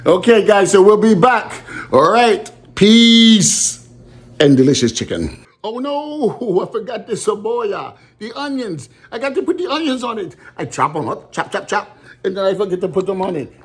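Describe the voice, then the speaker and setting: Lively, playful man hosting a cooking vlog. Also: high-pitched, normal speed. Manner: silly, animated, sing-song asides. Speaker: cooking show host and teacher. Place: home kitchen.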